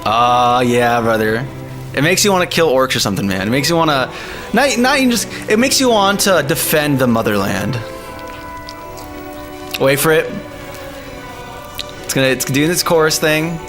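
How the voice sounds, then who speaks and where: A man chatting through a live stream in an excitable, slangy way, laughing between remarks. His pitch bounces up and down as he gets worked up. Music plays quietly behind him. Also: normal speed, long pauses. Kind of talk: casual live-stream chat over music. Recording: music playing faintly behind.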